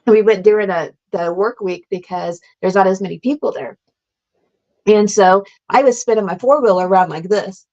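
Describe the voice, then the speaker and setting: A middle-aged woman guest telling stunt stories in a lively, laughing, casual way, full of "like" and "super freaking cool.". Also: medium pitch. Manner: animated, laughing, fast bursts, says "like" and "super freaking cool" a lot. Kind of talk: casual storytelling interview. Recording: slightly dull lo-fi sound.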